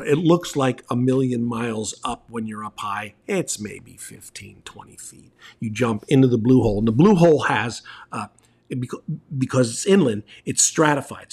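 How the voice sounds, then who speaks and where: A man's voice: medium pitch, a little mellow, slightly rough. A middle-aged man telling casual, rambling travel stories as host, with lots of fillers and restarts.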